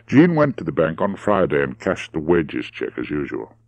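A man narrating a novel audiobook in a steady, measured way. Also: very deep voice, no room sound, dull audio. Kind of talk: scripted narration.

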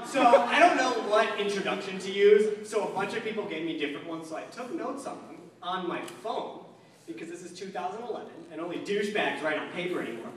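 A young man does stand-up in an awkward, self-deprecating way. His voice sits fairly high and swings widely in pitch. It sounds like a distant, echoey hall recording with heavy noise underneath. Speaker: student stand-up comedian. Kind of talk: stand-up comedy set. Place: large venue with audience.

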